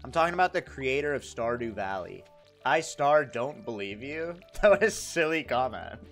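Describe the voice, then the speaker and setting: A man's voice: medium pitch, big pitch swings, normal speed, fairly bright tone, faint music behind. A young man live-streaming a game, playfully sarcastic as he reads and answers chat comments.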